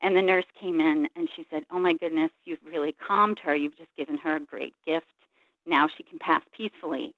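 A woman's voice: low voice, fairly even intonation, a little fast, no echo. An earnest woman shares a long personal story as an interview guest, slipping into the voices of the people she describes. She comes through a tinny telephone line with no room sound around her. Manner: earnest, reflective, retells scenes by voicing others' words. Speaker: guest, Reiki practitioner.

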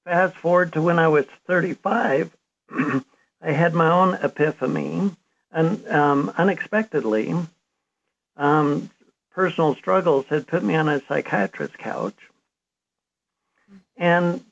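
A man's voice: on the high side, takes it slowly, vocal fry, long pauses. A man in his fifties, an interview guest and author, telling his story in an earnest, reflective way. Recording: dull lo-fi sound.

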